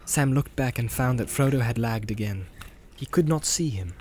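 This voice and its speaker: A man narrating a fantasy audiobook in a steady, measured storytelling voice. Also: mid-range voice, a little hiss or hum.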